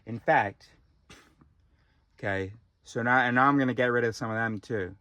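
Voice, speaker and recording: A man's voice: mid-range voice, normal speed, pushed and bright, no echo. A man ranting in a profane, exasperated monologue, recorded in a car. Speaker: vlogger.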